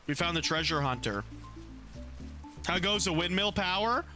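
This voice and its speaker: Male gaming streamer, loose and chatty, slightly high, forceful tone, faint music behind. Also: moderate pace. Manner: loose and chatty, swears casually, greets chat by name; soothing coos when calming his pet rats. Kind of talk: casual live-stream chat.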